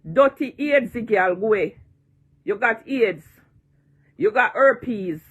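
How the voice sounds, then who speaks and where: A woman's voice: on the high side, animated, takes it slowly, breathy edge, lo-fi sound. A woman in her sixties with a Jamaican accent, ranting and taunting in a vlog, repeating her jeers and cursing freely. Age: 60s. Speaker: online personality.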